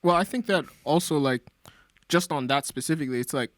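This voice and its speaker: A man's voice: fairly high pitch, a little fast, no room sound, clean studio sound. A man as a podcast guest, talking in a casual chat, thinking aloud with fillers.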